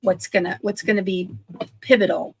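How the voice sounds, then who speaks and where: A woman's voice: mid-range voice, fairly even intonation, normal speed, vocal fry, breathy edge. A woman in her sixties chatting on a video call about her online business, talking enthusiastically and often restarting her sentences. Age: 60s. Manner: chatty, self-correcting, enthusiastic. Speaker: guest, online business owner. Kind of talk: casual livestream chat.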